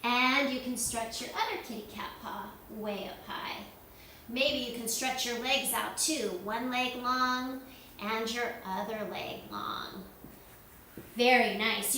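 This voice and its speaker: A woman leading a yoga lesson for children, giving slow, gentle, sing-song instructions. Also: fairly high pitch, slight background noise. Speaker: kids yoga teacher. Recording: echoey room, voice from far off.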